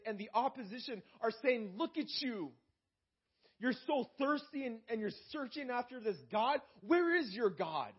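A man with a high voice preaches in church, calling out to the congregation now and then. He slows down when he reads scripture aloud. The recording sounds dull and muffled, like a lo-fi church recording. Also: husky. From Canada. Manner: preaching with call-outs to the congregation. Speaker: pastor. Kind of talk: sermon.

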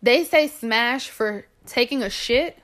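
A woman's voice: on the high side, slow, fairly bright tone. A young woman with a New York accent chatting bluntly as a podcast co-host, swearing freely and saying "like" a lot. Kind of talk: casual chat.

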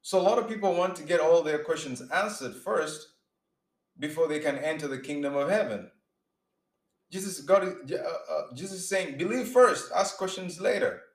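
A man's voice: a little high, moderate pace. A man preaching informally, earnest and emphatic, often restarting his sentences and acting out his examples. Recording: roomy echo.

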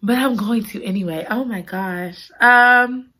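A woman's voice: on the high side, unhurried, bright, forceful tone. A woman reviewing a romance novel in a casual, dramatic and gushing way. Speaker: book reviewer. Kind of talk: casual chat.

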